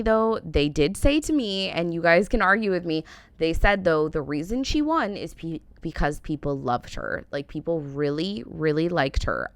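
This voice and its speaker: Her voice sits on the low side and is a bit bright as this thirtysomething American reaction vlogger rambles casually, opinions flowing and "like" and "um" everywhere. There's no echo.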